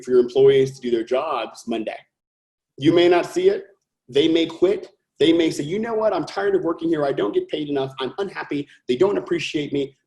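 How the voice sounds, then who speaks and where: A man's voice: mid-range voice, mellow. A man from California, a company founder being interviewed, talking earnestly and emphatically and thinking aloud with restarts. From California, USA. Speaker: company founder and CEO, guest. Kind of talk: podcast interview. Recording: roomy echo.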